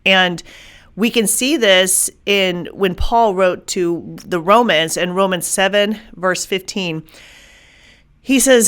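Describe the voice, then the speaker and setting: An emphatic, energetic woman hosts a faith-based motivational podcast in her own voice. She sits in an ordinary middle pitch, repeats words when she drives a point home, and voices inner thoughts as she explains them. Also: takes it slowly, clean tone. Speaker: podcast host.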